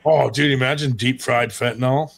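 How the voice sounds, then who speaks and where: A man's voice: medium pitch, fairly even intonation, moderate pace, gravelly. Male co-host, crude rambling humor, casual stream chat.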